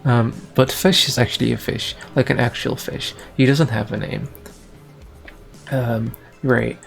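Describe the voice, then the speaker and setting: A man's voice: mid-range voice, steady tone, a little slow, gravelly, faint music behind. A man improvising a spoken story in a rambling, hesitant way, with many restarts and fillers.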